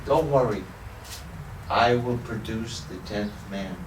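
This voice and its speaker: A man voicing a calm, patient boatman in a told story who reassures a group of monks. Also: fairly low pitch, slow pace, noisy background, pitched below the performer's own voice. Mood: reassuring. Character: calm, wise old boatman. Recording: roomy echo, distant mic.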